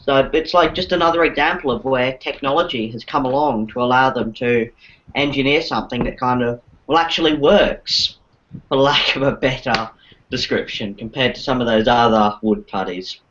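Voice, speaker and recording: A man's voice: mid-range voice, normal speed, a bit bright, slight background noise. A man in a mid-range voice explains things at an easy pace during a casual podcast, filling his sentences with "like". The sound is dull and lo-fi. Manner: explanatory, lots of "like". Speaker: podcast co-host. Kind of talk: casual chat. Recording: dull lo-fi audio.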